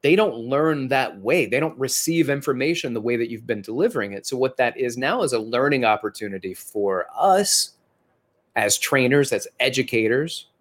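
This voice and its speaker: A man's voice: medium pitch, lively intonation, normal speed, fairly bright tone. A man, a fitness educator and personal trainer, giving a conversational instructional lecture in an earnest, encouraging way with occasional self-corrections.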